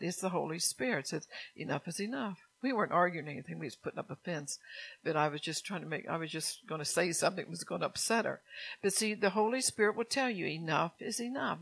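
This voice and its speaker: A woman's voice: fairly low pitch, fairly bright tone, poor audio. Conversational woman preaching a sermon. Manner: conversational, asks the congregation questions, laughs often. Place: church.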